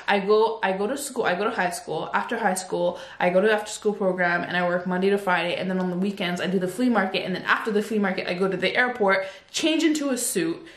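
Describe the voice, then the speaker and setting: A young woman in her twenties tells a story from her past in a chatty, animated vlog style, her pitch sitting in an ordinary middle range. She talks at home into a phone, and the room around her gives an echoey ring. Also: quick pace, few pauses. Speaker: vlogger. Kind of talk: casual storytime.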